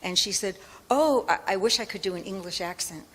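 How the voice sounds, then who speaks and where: A woman's voice: fairly low pitch, fairly even intonation, quick pace, sharp tone, slightly rough. An older woman telling a personal story on a panel, chatty with many ums, laughing as she goes. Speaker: panel speaker. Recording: reverberant hall with faint noise.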